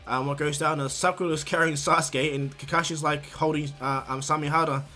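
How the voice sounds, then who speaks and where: A man casually retells a fan-made story, rambling and restarting often. His voice sits a little high, and faint music plays under him. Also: steady tone, brisk, bright, forceful tone. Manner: rambling, many fillers and restarts.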